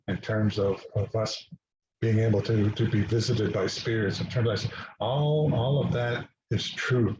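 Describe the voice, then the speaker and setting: A man speaking as a guest, telling a personal story in a halting way with many restarts and fillers. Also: on the low side, background noise. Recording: dull lo-fi recording.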